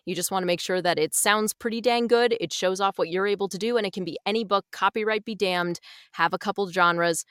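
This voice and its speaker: A woman's voice: medium pitch, fairly bright tone, clear, resonant tone, no echo, clean studio sound. A woman audiobook narrator giving frank, emphatic advice in a casual interview. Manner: brisk, frank and emphatic with mild swearing.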